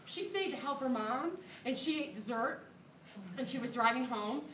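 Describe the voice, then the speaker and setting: A woman microbiology teacher telling a funny story to her class, animated and laughing as she acts out what people said. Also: fairly high pitch, normal speed, slight background noise. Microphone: phone camera from a student's seat. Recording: echoey classroom filmed from far off.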